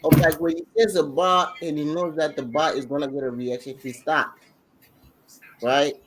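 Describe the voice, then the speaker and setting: A man co-hosting a podcast, telling the story in an excitable, slangy way, full of restarts. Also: a little high, moderate pace, low-quality recording. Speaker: podcast co-host. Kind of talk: casual chat recapping a battle rap event.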